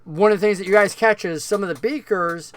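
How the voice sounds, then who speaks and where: A man narrating and explaining rules as game master of a tabletop game, relaxed and patient. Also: high voice, brisk.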